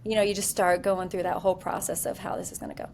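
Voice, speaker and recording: A woman in her forties, an interview guest who is a military leader, telling a candid story in a lively, self-deprecating way with many fillers. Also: lowish voice, fast talker, a little hiss or hum.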